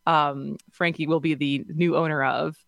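A woman's voice: deep voice, little pitch movement, normal speed, creaky, dry recording. A woman in her thirties co-hosting a radio show, telling stories in a chatty way. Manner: chatty, storytelling with fillers. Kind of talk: casual radio chat. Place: radio studio. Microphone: studio microphone.

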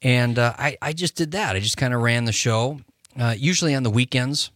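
A man's voice: mid-range voice, brisk, fairly bright tone, dry recording, clean studio sound. A man guesting on a radio show, telling stories in a rambling, chatty way with frequent laughs. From Wisconsin. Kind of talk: casual interview chat.

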